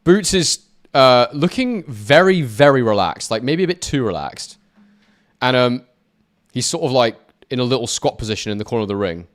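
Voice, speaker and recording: Male boxing YouTuber, casual live commentary, chats to his viewers, quick punch-by-punch calls. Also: medium pitch, animated. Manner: chatty, answers viewer chat, quick play-by-play. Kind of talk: live watch-along commentary.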